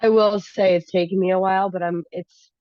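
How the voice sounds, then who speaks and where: A woman's voice: mid-range voice, steady tone, fairly quick, warm tone, no room sound, lo-fi sound. A woman on a casual group video call from home, chatty and rambling with lots of fillers. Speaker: call participant. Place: home with children nearby.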